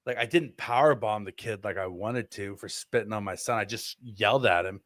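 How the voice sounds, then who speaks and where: A man's voice: fairly low pitch, brisk, dry recording. A man in his thirties co-hosting a podcast, telling a story in casual chat and acting out the quotes on a close mic. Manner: animated storyteller, acts out quotes. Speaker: podcast co-host.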